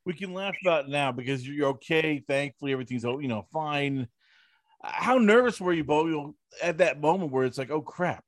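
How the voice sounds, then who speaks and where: A man hosting a casual interview who asks long, animated questions and acts out reactions. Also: a little high, a little fast, dry recording. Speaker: interview host.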